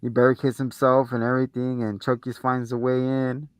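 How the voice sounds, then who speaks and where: Male host of a casual review show, slangy and animated, mid pitch, dry close recording. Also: brisk, smooth, no echo. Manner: slangy, animated plot retelling. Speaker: podcast host. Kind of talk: casual movie review chat.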